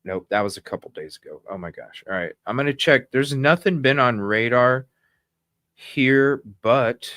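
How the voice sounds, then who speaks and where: A man's voice: medium pitch, moderate pace, fairly bright tone, no echo, studio quality. A man hosting a live news stream, talking in agitated, indignant bursts that ramble with restarts.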